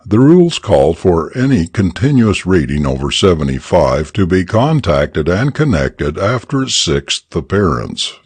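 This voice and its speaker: Deep, slow, husky male storyteller. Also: dry recording. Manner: expressive, deliberate reading. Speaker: narrator. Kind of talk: audiobook story reading for English learners.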